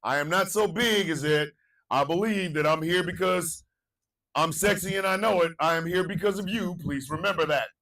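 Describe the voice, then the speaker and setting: A man hosting a morning talk show, animated, chanting hype calls and ranting, swinging between shouts and low asides. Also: normal speed, distant mic, rough recording. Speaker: radio show host.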